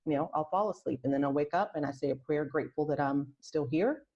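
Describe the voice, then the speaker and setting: A woman talking as a podcast guest in casual interview chat, soft and reflective, often restarting her sentences. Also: low voice, fast. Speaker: podcast guest, aromatherapist and health coach. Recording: lo-fi muffled sound.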